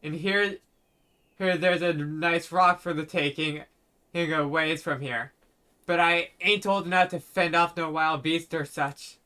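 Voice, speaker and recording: A man reading out a young village boy in a fantasy game, speaking in a quiet, halting, folksy rural dialect. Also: fairly high pitch, steady tone. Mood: pleading.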